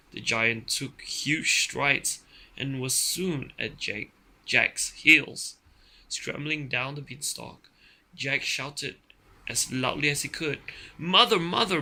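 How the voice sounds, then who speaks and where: A man's voice: medium pitch, fairly even intonation, takes it slowly, pushed and bright, poor audio. A middle-aged man reading a children's story aloud at home, plainly and playfully, with small slips. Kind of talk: casual bedtime story reading.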